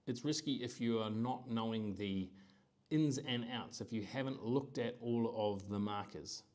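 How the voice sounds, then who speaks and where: Lively New man holding forth. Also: medium pitch, normal speed. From New Zealand. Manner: animated, conversational, acts out quoted voices. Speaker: host. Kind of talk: live-stream monologue.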